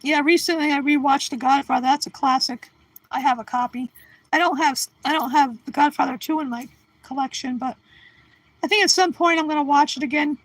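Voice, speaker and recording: Chatty high-voiced woman in her sixties. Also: brisk, dry recording, rough recording. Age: 60s. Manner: rambling, chatty, restarts and trails off. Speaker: livestream host. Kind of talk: casual chat answering live viewers.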